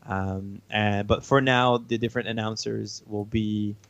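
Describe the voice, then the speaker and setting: A man whose first language is French, a game developer explaining his work in a casual interview, halting and chuckling as he talks. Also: on the low side, fairly even intonation, a bit bright, muffled recording.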